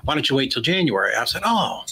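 A man's voice: medium pitch, rapid-fire, a little hiss or hum, poor audio. A man in his forties, a guest in an interview, telling a story and acting out the lines of the people in it. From United States. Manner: animated storyteller acting out quoted dialogue. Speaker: guest, real estate investor.

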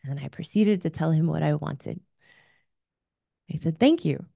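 A woman's voice: low voice, a little slow, vocal fry, mellow, dry recording, studio quality. A woman hosting an advice show as a relationship coach, talking in an earnest, candid coaching tone. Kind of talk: advice monologue.

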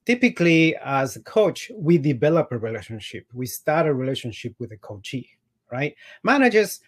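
A man's voice: on the high side, very animated, normal speed, slightly rough, low-quality recording. A man who works as a career and executive coach, giving a conference talk with slides and telling a story with emphatic repetition.

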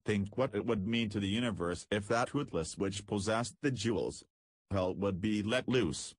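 A man voicing a dying old male spaceman who speaks in a hoarse, fervent whisper. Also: fairly low pitch, normal speed, natural voice. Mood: urgent.

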